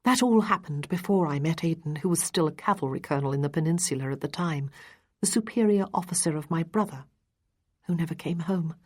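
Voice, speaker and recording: An earnest, steady Regency lady, read by a woman narrator, speaking in a measured way. The voice is low and slightly breathy, as in a storybook reading.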